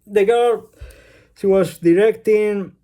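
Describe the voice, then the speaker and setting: A man's voice: sits high, takes it slowly, dark tone. A man with a Spanish accent, a native Spanish speaker, rambling bluntly through a casual monologue and swearing offhandedly.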